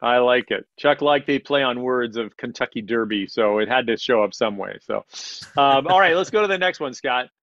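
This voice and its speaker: A man presenting artwork from a gallery on a convention panel, chatty with halting restarts and frequent laughs. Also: medium pitch, expressive, fairly bright tone. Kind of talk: casual panel chat. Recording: slightly dull, dry audio.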